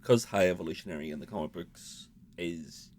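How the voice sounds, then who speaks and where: A man's voice: low voice, a little fast, a little mellow, a little hiss or hum. A man with a Northern Irish accent, a guest on a podcast, bantering casually and swearing freely. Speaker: guest filmmaker. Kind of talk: casual chat.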